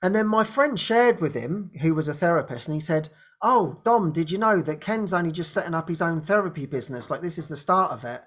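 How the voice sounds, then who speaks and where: Animated man telling a story with frequent laughs. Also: fairly high pitch, fairly quick. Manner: animated, laughs often, acts out quoted dialogue. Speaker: host of a spiritual talk show. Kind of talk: casual personal storytelling.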